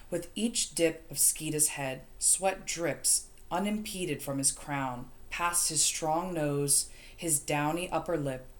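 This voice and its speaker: A woman narrating an audiobook in the first person, steady and measured. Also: sits low. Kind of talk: audiobook reading.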